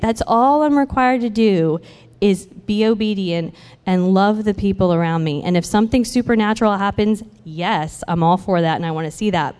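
Woman telling a testimony in a reverberant church. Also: fairly low pitch. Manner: animated, acts out the other people in her story. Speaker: church member sharing a testimony. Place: church sanctuary.

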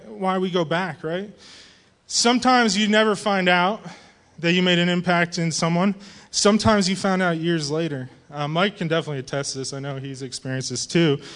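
A man's voice: sits high, fairly bright tone. A man, a church youth group leader, giving a casual and humorous farewell speech to a congregation.

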